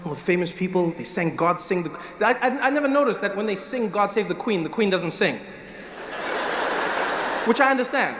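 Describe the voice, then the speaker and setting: A man with a South African accent performing an animated stand-up comedy set at a live venue, often slipping into character voices. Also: sits high, brisk. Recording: noisy live room recording, some echo.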